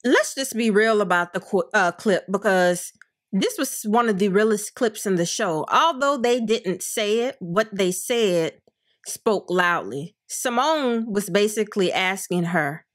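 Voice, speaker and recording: Frank woman co-host, lively voice. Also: medium pitch, measured pace. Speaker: co-host of a reality TV review show. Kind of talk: casual chat.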